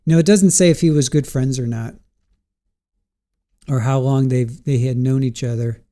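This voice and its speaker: Halting man chatting through case notes. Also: mid-range voice, mellow. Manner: thinking aloud, halting with restarts and fillers; answers live chat questions. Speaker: live trial commentary host. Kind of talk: casual live-stream commentary.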